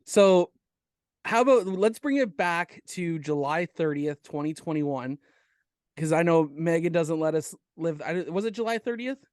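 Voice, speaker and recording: A man hosts a casual racing podcast in an upbeat tone, guiding the conversation along. His voice sits slightly high, recorded dry and close with no room sound. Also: lively intonation, measured pace, a little mellow, no echo. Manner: upbeat, steers questions. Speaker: podcast host.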